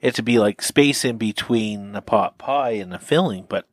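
A podcast co-host chatting casually about food, relaxed and quick to laugh, giving short replies. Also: mid-range voice, no room sound. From Canada. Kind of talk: casual food-tasting chat.

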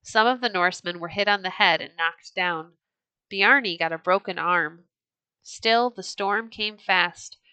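A woman reading a children's storybook aloud as a podcast storyteller, measured and expressive. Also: mid-range voice, clean tone, dry recording.

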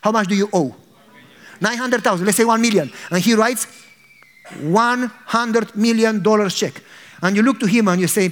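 A man's voice: sits high, moderate pace, fairly bright tone. A male pastor preaching a sermon, telling a story animatedly and acting out its dialogue.

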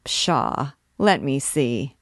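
A woman reading aloud, voicing a boisterous, blustering young male army captain who swears loudly. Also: a bass voice, big pitch swings, very slow, dry recording, clean studio sound, full character voice.

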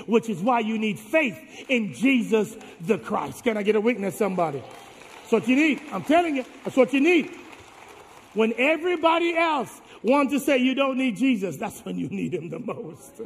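High pitched man preaching, call and response, goes quiet then shouts, long hall echo. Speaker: pastor. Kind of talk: sermon.

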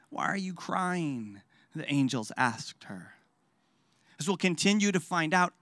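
A man preaching a sermon. He speaks emphatically, repeats phrases for weight, asks rhetorical questions and lets his phrases fall quiet and low at the end. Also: dry recording, studio quality. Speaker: pastor.

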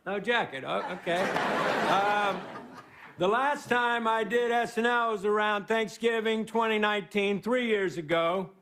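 A man with a notably high voice wanders through a stand-up monologue with deadpan, self-mocking asides. A studio audience laughs loudly around him, and crowd noise fills the live room. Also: a little slow. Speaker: guest host giving an opening monologue.

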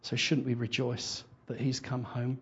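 A man preaching, voicing a gentle loving father from a parable. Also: medium pitch, monotone, measured pace, husky, pitched below the performer's own voice. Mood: tender. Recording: dull lo-fi sermon recording.

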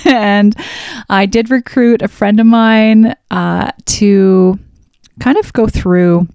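A woman's voice: mid-range voice, fairly even intonation, slow pace, creaky, darkish tone, smooth, no echo, studio quality. A Canadian woman from Alberta chatting casually to her viewers as a YouTuber, rambling with lots of fillers and laughs. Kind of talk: casual vlog chat.

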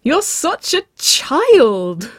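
A narrator voicing a playful, giggly young woman in love, who squeals high and breathless when teasing. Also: very animated, measured pace, husky, dry recording, studio quality. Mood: squealing.

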